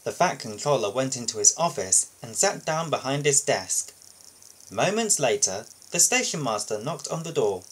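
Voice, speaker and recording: Man, storybook reader, husky, lively pitch, casual slips. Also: normal speed. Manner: steady storytelling with small slips and restarts. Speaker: storybook reader and video host. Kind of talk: reading a children's storybook aloud.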